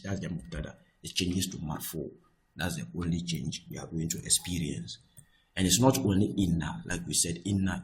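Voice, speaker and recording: Low-voiced guy teaching grammar, repeats stuff, restarts a lot. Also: a little mellow, rough recording. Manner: repetitive, patient explaining with frequent restarts. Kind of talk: explaining a grammar text.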